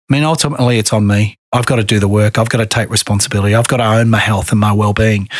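Earnest Australian man, low dry voice. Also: dry recording. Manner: earnest, measured storytelling. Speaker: guest. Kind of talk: reflective podcast interview.

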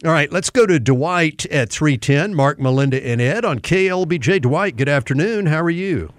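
A man hosting a talk radio show, taking calls in a brisk, businesslike way. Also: fairly high pitch, expressive, no room sound, clean studio sound.

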